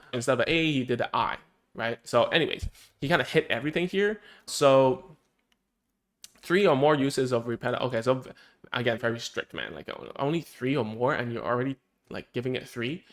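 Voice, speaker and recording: A man with a medium-pitched, slightly bright voice, who works as a speech therapist, explains things casually and conversationally. He thinks aloud and often checks in with "right?" and "okay?".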